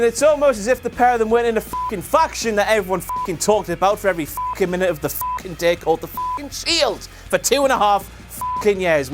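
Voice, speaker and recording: Man, comedy recap host; high-pitched, animated, sweary and sarcastic. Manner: sarcastic, profane, jokey, slips into silly voices. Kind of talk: comedic wrestling commentary.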